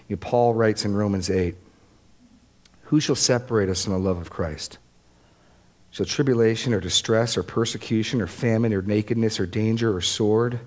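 A man's voice: fairly low pitch, a little mellow. A man preaching a sermon as pastor, earnest, repeating phrases for emphasis and lifting his voice on key lines.

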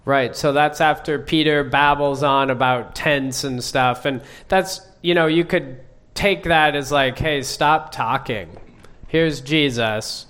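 A man leading a group Bible study, asking the class questions in a measured way. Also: on the high side, fairly even intonation, a bit bright, smooth.

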